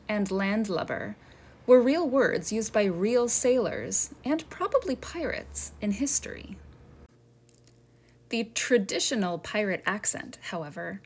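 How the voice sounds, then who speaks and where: A woman museum educator, narrating a children's history lesson and asking her listeners friendly questions. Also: medium pitch.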